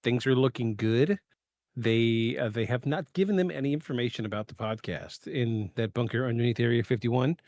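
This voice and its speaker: A man hosting a live podcast in casual chat, rambling with many fillers and clearing his throat from allergies. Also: medium pitch, moderate pace, a little mellow, no echo. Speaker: podcast host. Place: home setup in the eastern US.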